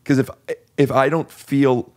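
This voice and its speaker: A man's voice: medium pitch, little pitch movement, unhurried, darkish tone. A man in his thirties hosting a podcast, telling a long, self-questioning story in a casual, rambling way. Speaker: podcast host. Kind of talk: casual chat. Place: podcast studio.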